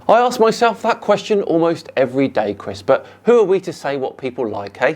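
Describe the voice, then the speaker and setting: Calm, sarcastic British man. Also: a little high, a little fast. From United Kingdom. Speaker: YouTube science debunker host. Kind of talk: sarcastic commentary reading out viewer comments.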